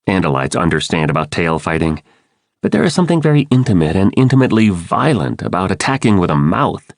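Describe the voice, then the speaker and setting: A male audiobook narrator reads in first person with dramatic expression. His low voice moves widely in pitch. The studio sound is close and dry. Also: big pitch swings, a little fast, no room sound. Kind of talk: scripted narration.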